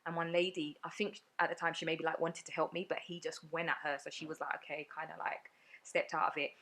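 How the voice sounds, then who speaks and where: Podcast guest, woman, deep voice, quick earnest storytelling full of fillers. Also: level tone, fairly bright tone. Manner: earnest, rapid retelling with many fillers. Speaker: guest sharing her story. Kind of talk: personal storytelling in a podcast interview.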